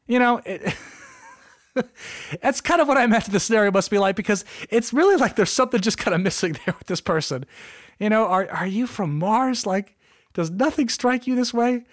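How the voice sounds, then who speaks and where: A man hosting a comedic solo podcast, rambling through stories with jokey asides and lively outbursts. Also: sits high, moderate pace, no echo, studio quality. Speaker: podcast host.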